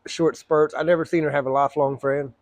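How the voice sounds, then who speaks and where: A middle-aged man telling a personal story, blunt and profane, rambling with frequent throat clearing. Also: on the high side, level tone, fairly quick, no room sound.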